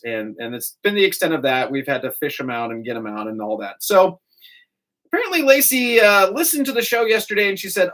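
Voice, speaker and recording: A man talks through a morning radio show with a lively, swooping pitch. He chats casually and spins stories full of quick asides, speaking into a studio mic. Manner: chatty, animated storyteller with quick asides.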